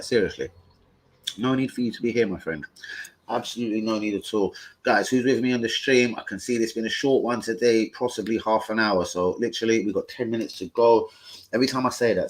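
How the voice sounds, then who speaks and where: A man's voice: lowish voice, fairly quick. A young man hosts a live stream. He chats in a slangy, profane style and trades insults with trolls in the chat.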